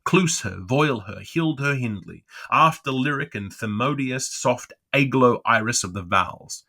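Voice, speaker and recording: A man's voice: mid-range voice, measured pace. Man cold-reading dense literary prose. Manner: lilting, expressive delivery with occasional stumbles on words. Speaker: reader.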